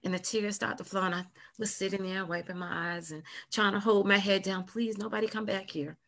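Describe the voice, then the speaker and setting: A woman's voice: medium pitch, little pitch movement, brisk, fairly bright tone. A woman telling her own survival story on a podcast, earnest and candid, often speaking straight to the listeners. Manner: earnest, addresses listeners directly as "you guys". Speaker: domestic violence survivor guest. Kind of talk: personal testimony on a podcast.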